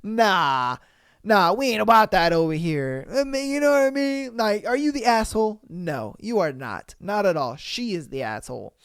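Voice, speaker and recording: Animated, profane man hosting a podcast. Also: sits high, moderate pace, smooth, no room sound, clean studio sound. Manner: animated, profane, slangy commentary. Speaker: podcast host. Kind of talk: reading posts aloud and reacting.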